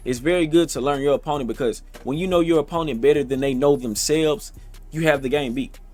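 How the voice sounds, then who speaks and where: A man vlogging straight to his viewers in an emphatic, repetitive, streetwise way, with a streaming setup on his computer. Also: mid-range voice. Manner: colloquial, streetwise phrasing. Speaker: motivational vlogger. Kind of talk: casual direct-to-camera talk. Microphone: streaming setup, computer recording.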